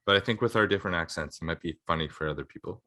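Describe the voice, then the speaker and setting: A man's voice: deep voice, rapid-fire, bright, forceful tone. A young man, co-hosting a podcast in casual, rambling chat full of fillers. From Canada. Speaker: podcast co-host.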